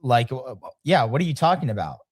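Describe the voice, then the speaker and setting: A man's voice: mid-range voice, sing-song, brisk, darkish tone, breathy edge, dry recording, studio quality. A man on a podcast, ranting bluntly and swearing constantly in heated casual chat.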